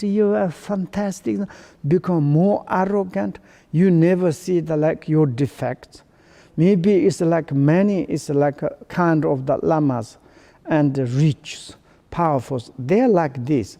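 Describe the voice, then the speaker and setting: A man teaching Buddhist dharma to his students in broken, halting English, restarting his phrases as he reflects with quiet humor. His voice sits slightly high, with a gravelly, creaky edge and a warm, mellow tone. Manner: halting non-native English with many restarts.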